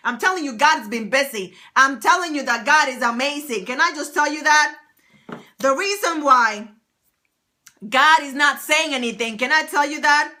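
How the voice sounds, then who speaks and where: Bright high-voiced woman giving a motivational talk. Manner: emphatic and repetitive, asking rhetorical questions. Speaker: motivational speaker.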